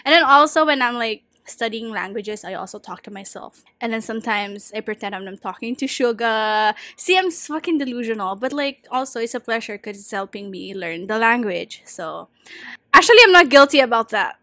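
Young woman, Filipino accent, podcast co-host, high pitch, dry sound, swears, laughs often. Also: animated, fairly quick, sharp tone, no room sound. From Philippines. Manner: swears freely, laughs often, mixes English with Tagalog. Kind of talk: casual chat.

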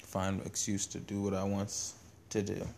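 A man co-hosting a casual chat show, laid-back and giving short relaxed replies. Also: low voice, normal speed, slight background noise. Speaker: podcast co-host.

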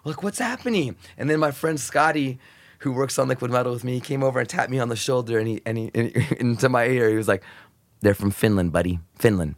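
A man's voice: mid-range voice, fast. A man who hosts satellite radio, a guest on a podcast, telling stories in a casual, profane way and acting out the voices of crowds and crews. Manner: animated, profane, acts out crowd and crew voices. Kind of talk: casual storytelling interview.

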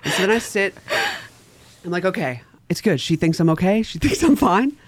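A man's voice: high-pitched, normal speed, no room sound. A young man, a podcast guest, telling a story casually, acting out quotes and laughing often. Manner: animated, acts out quoted voices, laughs often.

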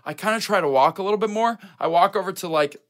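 A man with a somewhat high voice tells a story in a loose, comedic way. He acts out the action with bam and smack and chats casually with his co-host. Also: fast, slight background noise. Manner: animated, with sound effects like bam and smack.

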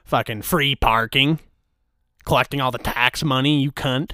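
A man's voice: medium pitch, a little slow, sharp tone, no echo, studio quality. A man hosting a casual podcast, ranting in a crude, mock-angry, teasing way. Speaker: podcast host. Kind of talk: crude comedic rant.

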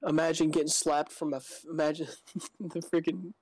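A young man co-hosting a podcast in casual chat, jokey, with quick asides and puns. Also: on the high side, level tone, darkish tone, no room sound. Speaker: podcast co-host.

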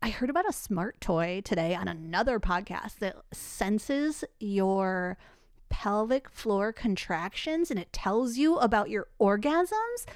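Chatty giggly woman, smooth dry voice. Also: medium pitch, lively intonation, slow, no echo. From United States. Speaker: podcast co-host. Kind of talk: casual chat. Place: Scottsdale, Arizona.

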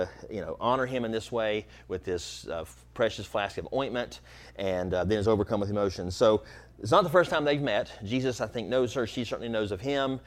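A middle-aged man preaching a conversational sermon as pastor, explaining at an easy pace with many fillers and restarts. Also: lowish voice.

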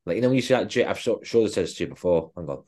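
A man's voice: low voice, expressive, racing, darkish tone. A man co-hosting a podcast, a fitness coach chatting casually and swearing bluntly. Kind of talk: casual chat.

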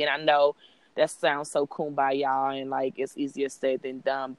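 A woman's voice: very deep voice, no echo. A woman and mother in casual chat, speaking reflectively and encouragingly. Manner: reflective, encouraging, drawn-out phrasing.

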